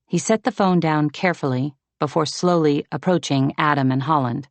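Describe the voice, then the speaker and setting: With a deep voice and no echo in the recording, a woman narrates an audiobook, her scripted delivery steady and measured like a storyteller's.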